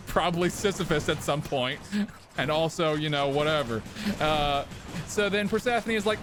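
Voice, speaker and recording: A young man streaming a video game, chatting loosely and wandering off topic with crude jokes and retellings. His voice sits a touch high, with a faint hum of room sound behind it. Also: normal speed. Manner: rambling, joking, profane. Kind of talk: casual gameplay commentary.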